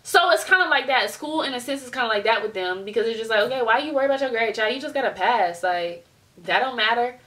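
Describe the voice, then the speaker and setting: A woman's voice: a little high, fast. A young American woman vlogging casually to her webcam, ranting animatedly and mimicking people as she tells stories. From United States. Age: young adult. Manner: animated storytelling, mimics people in other voices. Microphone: webcam at desk.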